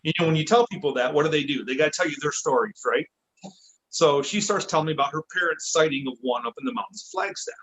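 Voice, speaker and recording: A man from Michigan, a podcast guest, telling a story in a casual, lively way, correcting himself as he goes. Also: on the high side, fast, poor audio. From Michigan, USA. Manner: lively, self-correcting, acts out quotes.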